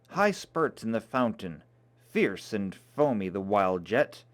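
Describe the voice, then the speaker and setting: A man reading a novel aloud in a dramatic, expressive way. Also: on the low side, measured pace. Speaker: reader.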